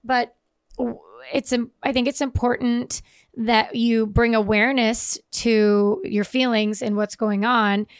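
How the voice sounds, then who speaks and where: A woman's voice: a little high, fairly even intonation, unhurried, clear, resonant tone, no room sound. Earnest woman podcast co-host. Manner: earnest, reflective, with hesitant fillers. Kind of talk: casual chat.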